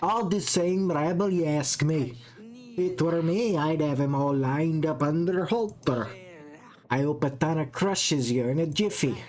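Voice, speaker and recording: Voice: medium pitch, measured pace, darkish tone, natural voice. A streamer doing a spiteful mock-Scottish village woman. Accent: mock Scottish, badly done. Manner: scornful, spiteful. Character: hostile village woman with a scornful grudge.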